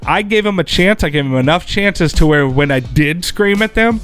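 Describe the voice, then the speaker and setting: A man's voice: on the high side, normal speed, clear, resonant tone. A man on a podcast, chatting casually and telling a frustrated story, swearing often and acting out other people's lines. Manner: profane, animated storytelling with acted-out quotes. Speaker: podcast co-host. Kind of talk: casual chat, venting story.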